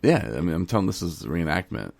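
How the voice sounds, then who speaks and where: A low-voiced man with a gravelly edge tells stories in a loose, joking way, acting out the people he met. He teases and laughs freely, and the sound is dry and close, without room echo. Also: very animated, quick pace, darkish tone. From Michigan, USA. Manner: teasing, acts out little scenes, laughs often. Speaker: podcast co-host. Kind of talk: joking casual chat.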